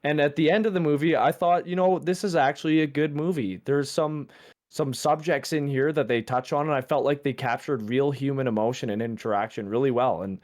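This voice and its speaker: A man co-hosting a casual podcast, sharing laid-back, profane opinions in a relaxed chat. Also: medium pitch, fairly quick. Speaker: podcast co-host.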